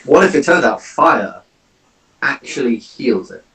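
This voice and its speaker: A man with a gravelly voice and a lively, swooping pitch talks slowly as he plays, quick to swear and joke. He sits back from the mic in an echoey room. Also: distant mic, a crowd in the background. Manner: expressive, swears and jokes freely. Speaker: player. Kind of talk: casual tabletop play.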